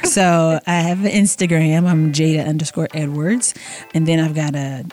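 Animated woman telling stories, low voice. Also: moderate pace, faint music behind. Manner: animated storytelling, acts out dialogue, laughs often. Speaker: guest, author and speaker. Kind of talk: faith podcast conversation.

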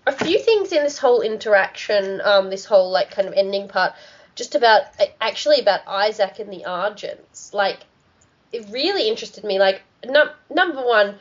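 A woman hosting a podcast, talking in loose, rambling casual chat. Her voice sits in a middle pitch. The audio is muffled and lo-fi. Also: expressive, moderate pace. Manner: rambling, many "like" fillers. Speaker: podcast host.

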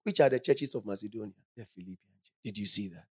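A man's voice: on the low side, quick pace, slightly rough, no room sound, clean studio sound. A man preaching a sermon, reading scripture with rising emphasis and asking the congregation call-and-response questions.

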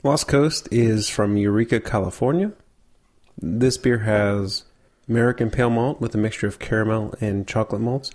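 A man co-hosting a casual beer tasting podcast, relaxed and explaining beer facts as he thinks aloud. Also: lowish voice, moderate pace. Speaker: podcast co-host.

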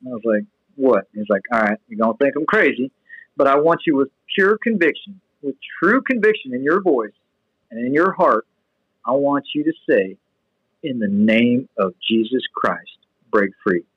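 A young man telling a personal story in a casual, rambling way, full of restarts and fillers, then getting animated as it builds. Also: mid-range voice, moderate pace, husky, no echo, lo-fi sound. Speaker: guest sharing testimony.

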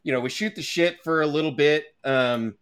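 Male podcast co-host, bright, slightly high voice, angry profane anecdote. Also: normal speed, clean tone. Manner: profane, heated storytelling. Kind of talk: casual podcast storytelling.

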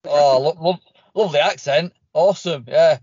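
Laid-back podcast co-host in a car. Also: male voice, a little high, normal speed, a little mellow, breathy edge, dry recording, highs cut off. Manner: laid-back, laughing, a bit sheepish. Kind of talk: casual podcast chat. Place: parked car.

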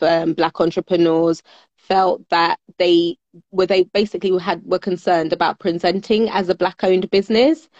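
British woman, low steady voice, dry and dull. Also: no room sound. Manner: measured, articulate, many fillers. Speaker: guest, business network founder. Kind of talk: conversational interview.

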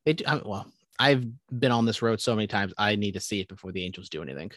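A man's voice: lowish voice, fast, fairly bright tone, no echo. Young guy cohosting a podcast, rambly, swears a lot, dry close sound. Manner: rambling, swears casually, many restarts. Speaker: podcast co-host. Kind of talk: casual chat.

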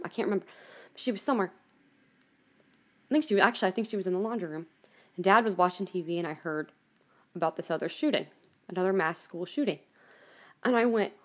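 Give me a woman at a medium pitch, ranting and swearing on her own podcast. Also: brisk, pauses often. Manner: angry ranting, swearing heavily; restarts and trailing asides. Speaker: podcast host. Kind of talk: personal monologue.

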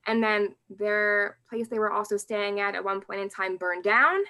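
A woman's voice: medium pitch, steady tone, moderate pace, bright, forceful tone. A woman guest on a podcast telling candid, emotional memories of her late father, often laughing through hard moments. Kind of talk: personal storytelling in podcast interview.

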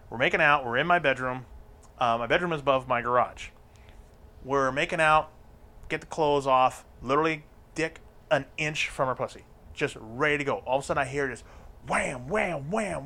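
A man's voice: medium pitch, fairly quick, pushed and bright. A man telling a crude, profane story in casual chat, acting out the lines of the people in it.

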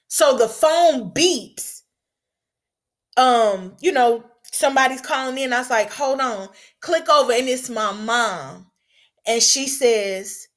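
Slow-spoken woman telling a story. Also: a little high. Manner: unhurried and candid, with hushed pauses and sudden raised outbursts. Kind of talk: personal storytelling.

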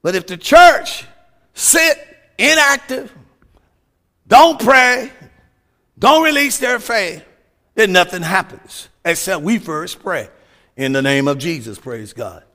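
A man preaching a fervent sermon, shouting his points and calling out hallelujahs. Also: high-pitched, animated, takes it slowly, pauses often.

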